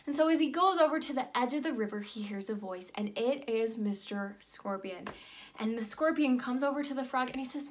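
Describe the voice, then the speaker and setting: A woman's voice: fairly high pitch, a little fast. A young woman life coach telling a fable in a motivational vlog, upbeat and chatty, with lots of "like" and "right?".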